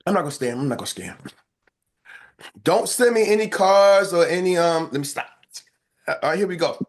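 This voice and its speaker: A man with an American accent coaching salespeople on a live call, playful and animated, acting out lines and sound effects. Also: high-pitched, a little fast, long pauses.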